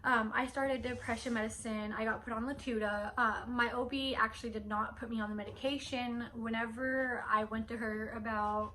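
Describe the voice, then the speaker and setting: A young woman talks straight to her camera at home late at night, her voice bright and a little higher than most. She rambles in a loose, chatty way, full of fillers. A faint hiss of noise runs underneath. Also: fairly even intonation, normal speed, hardly any pauses. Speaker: vlogger. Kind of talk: casual vlog update. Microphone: camera on a stand.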